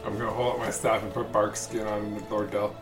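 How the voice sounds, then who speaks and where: Low-voiced player in an echoey room. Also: male voice, flat delivery, brisk. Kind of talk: tabletop game play, casual. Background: music.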